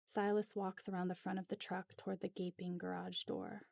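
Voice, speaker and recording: Woman narrator reading fan fiction, measured, dark mellow tone, dry close sound. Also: fairly low pitch, little pitch movement, creaky, dry recording.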